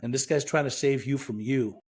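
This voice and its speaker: A man's voice: mid-range voice, normal speed, breathy edge. A man from Iran, a podcast guest, frankly and reflectively telling his own recovery story with self-mocking humor.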